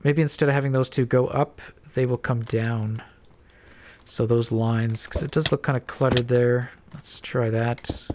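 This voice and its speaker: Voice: medium pitch, steady tone, a little slow, darkish tone, slight background noise. A stuffed-up player mumbling and thinking aloud while building in a block game. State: stuffed-up nose. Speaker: Minecraft let's-player. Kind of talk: casual building commentary.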